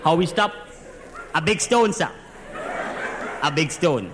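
With a high voice, an unhurried pace, and frequent pauses, a Trinidadian man delivers a comic monologue as a driving instructor on the phone with his boss. He tells his excited story in dialect, adding "sir" after almost every phrase, over some background noise.

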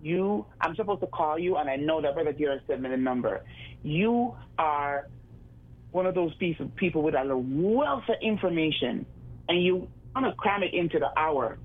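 A woman with a Jamaican accent calling in to a radio show, blunt and animated, mixing plain English with patois. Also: sits low, normal speed. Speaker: caller. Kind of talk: call-in radio chat. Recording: tinny phone line.

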